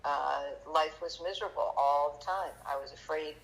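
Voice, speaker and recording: Gravelly woman telling her life story. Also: sits low, low-quality recording. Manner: halting, with many fillers, lively when quoting others. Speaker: magician guest. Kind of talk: conversational storytelling interview.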